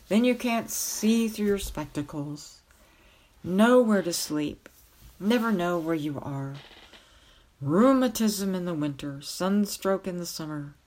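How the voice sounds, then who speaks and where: A woman voicing a bumbling, mournful older king-knight who whines and sighs. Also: medium pitch. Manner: plaintive, whining, sighing.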